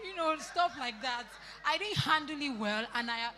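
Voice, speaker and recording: A woman's voice: high voice, animated, takes it slowly, long pauses. A young woman with a Nigerian English accent, chatty and rambling as she asks a question at a church youth meeting in a large church hall. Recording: long hall reverb.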